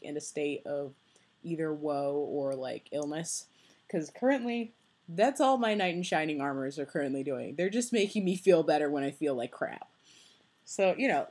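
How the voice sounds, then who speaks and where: A woman's voice: fairly low pitch, darkish tone. A young woman talking casually into her camera, rambling with lots of fillers and restarts, dreamy and amused. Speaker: vlogger. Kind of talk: casual vlog chat.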